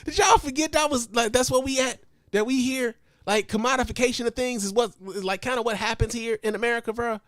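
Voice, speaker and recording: A man hosting a comedic podcast, ranting in a profane, mock-outraged way that swings from loud outbursts to low mutters and chuckles, speaking into a podcast microphone. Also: quick pace, no echo, studio quality. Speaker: podcast host.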